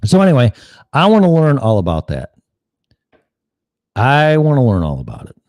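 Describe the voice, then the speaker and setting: A man's voice: medium pitch, huge pitch swings, normal speed, darkish tone, dry recording. A man hosting a show, delivering a blunt, heated political monologue full of swearing and mocking asides. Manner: blunt, heated, swears often, mocks opponents in put-on quotes. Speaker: podcast host.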